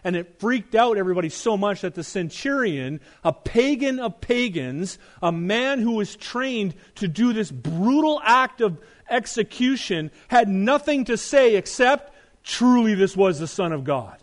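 A middle-aged male pastor preaching a sermon, emphatic, asking rhetorical questions and dropping to a soft, earnest tone. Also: sits high, expressive, a little slow, few pauses.

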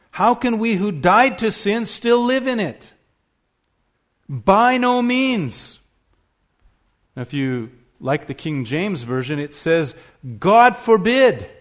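A man preaching a sermon, emphatic, asking rhetorical questions and stressing key words. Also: a little high.

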